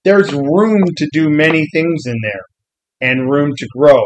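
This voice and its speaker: A man's voice: a little high, measured pace, slight background noise, low-quality recording. A man in a casual comics chat who retells scenes with lots of energy and acts out the quotes. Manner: animated storyteller, acts out quotes.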